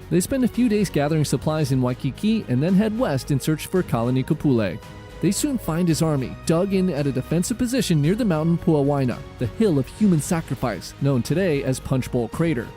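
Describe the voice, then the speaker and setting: Guy narrating history stuff dramatically, kinda higher voice, soft music underneath. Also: big pitch swings. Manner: dramatic, measured storytelling. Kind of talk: scripted documentary narration. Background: faint music.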